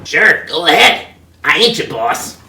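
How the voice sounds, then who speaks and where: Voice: mid-range voice, sing-song, measured pace, background noise. A performer playing Boney, a cheerful host who reads stories aloud from a book. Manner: bright, upbeat storyteller.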